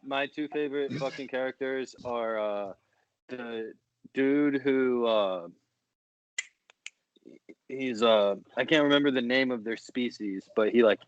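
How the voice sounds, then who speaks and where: A man's voice: mid-range voice, a little slow, pauses often, dull audio, a little hiss or hum. A man co-hosting a casual comedy podcast, hesitating and groping for words while he swears. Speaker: podcast co-host.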